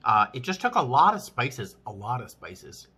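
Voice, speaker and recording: A man casually vlogging while eating, chatting with frequent restarts and pauses to chew. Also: medium pitch, very animated, pushed and bright, slightly rough. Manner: chatty, chewing between sentences; rambling with many restarts. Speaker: vlogger, flight attendant.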